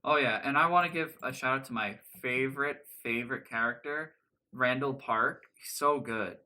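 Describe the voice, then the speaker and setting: A man's voice: mid-range voice, moderate pace, sharp tone. A young man co-hosting a podcast, talking loosely and emphatically and swearing casually. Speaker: podcast co-host. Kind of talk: casual chat.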